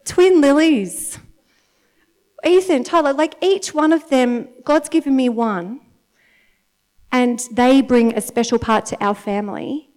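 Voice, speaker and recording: Woman, mother, church speaker; slightly high voice, conversational storytelling sermon with frequent check-ins. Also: a little slow, darkish tone. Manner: chatty, storytelling, keeps checking in with the audience by asking "okay?".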